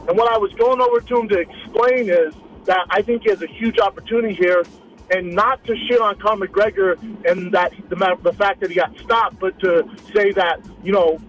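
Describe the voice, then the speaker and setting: Lively man telling a story, lo-fi. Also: sits high, slight background noise. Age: 30s. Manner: animated, repeats words, acts out quoted lines. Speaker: guest, retired fighter turned comic. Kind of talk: casual storytelling interview.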